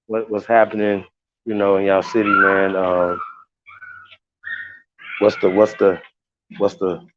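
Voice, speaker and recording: A man's voice: on the low side, level tone, slow pace, very noisy. A man hosting a casual livestream, talking to viewers in a heated, profane, rambling way with many restarts. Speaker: livestream host. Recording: dull lo-fi sound.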